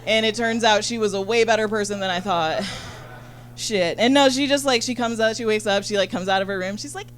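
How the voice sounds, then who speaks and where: A woman doing stand-up into a handheld stage mic, talking fast and loose. She swears freely and fills her lines with "like". Her pitch sits in the middle, and a faint hiss runs under the recording. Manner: rapid, chatty, full of "like" and profanity. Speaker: stand-up comedian. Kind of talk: stand-up comedy set. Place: comedy venue.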